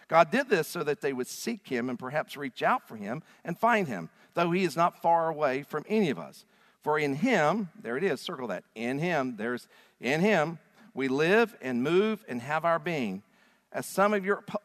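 A man with a high voice preaches with emphasis, pressing each point home to a congregation. His words ring out with a long reverb in a large church hall. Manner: emphatic, rising to loud declarations. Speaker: pastor. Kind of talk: sermon.

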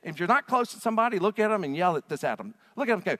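A man's voice: high-pitched, sing-song, very fast. A male pastor preaching a sermon to a congregation in an emphatic, declaring manner. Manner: emphatic, rising to loud declarations. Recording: long reverb of a large hall.

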